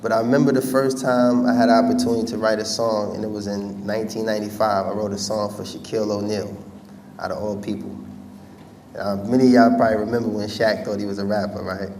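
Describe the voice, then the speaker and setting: A man's voice: on the low side, little pitch movement, fast, a little mellow, recorded from a distance, a little hiss or hum. American man telling his story, from afar. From United States. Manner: conversational storytelling, addresses audience directly. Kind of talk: personal testimony talk.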